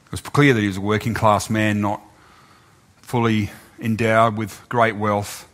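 Bright-voiced man telling a sermon story. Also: fairly low pitch, little pitch movement. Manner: halting, repeats words. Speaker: preacher.

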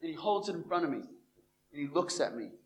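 A young Christian evangelist with a slightly high voice speaks quickly, a faint hiss or hum in the recording. He tells his personal faith testimony in an animated way, acting out the dialogue he quotes.

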